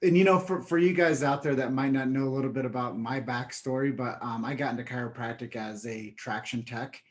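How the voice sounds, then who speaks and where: A man's voice: mid-range voice, fairly quick. A man hosting a casual podcast interview, talking earnestly about his own background and calling his guest "man.". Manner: earnest, conversational, says "man" and "like". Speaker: podcast host.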